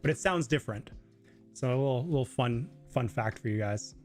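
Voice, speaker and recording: A man hosting a casual live Q&A stream, talking loosely with lots of fillers and sometimes mimicking other people in a high voice. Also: expressive, fairly quick, faint music behind. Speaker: livestream host.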